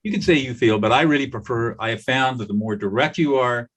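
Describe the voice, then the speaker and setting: An older man, a conflict mediator, talking in a podcast interview and telling stories with lively acted-out quotes. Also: mid-range voice, fast. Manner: animated storyteller, acts out quoted voices.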